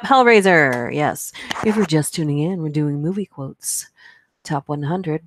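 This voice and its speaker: A woman hosting a casual livestream, chatting playfully with her viewers and laughing often. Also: sits low. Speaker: livestream host. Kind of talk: casual live chat, reading movie quotes aloud.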